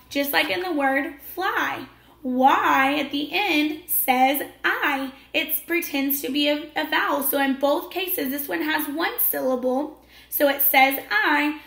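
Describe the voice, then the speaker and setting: A young adult woman teaching a children's phonics lesson, encouraging and drawn-out, recorded in an echoey room. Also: sits high, gravelly, bright, forceful tone. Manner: encouraging, slow and drawn-out cheerful teacher talk.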